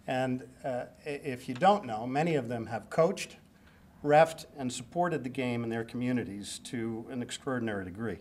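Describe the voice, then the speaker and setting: A man's voice: medium pitch, normal speed, a little mellow. A man in his sixties giving a hall of fame acceptance speech at a banquet, joking, self-deprecating and rambling.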